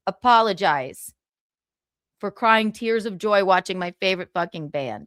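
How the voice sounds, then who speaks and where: A woman hosting a casual livestream, reading viewer comments out loud in a brash, profane, giggly way. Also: mid-range voice, no echo, studio quality. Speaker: livestream host.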